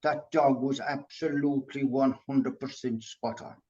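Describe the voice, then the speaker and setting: A man from Ireland, a medium, telling an anecdote in a chatty, lively way and laughing often. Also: medium pitch, unhurried, muffled recording. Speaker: medium sharing a story.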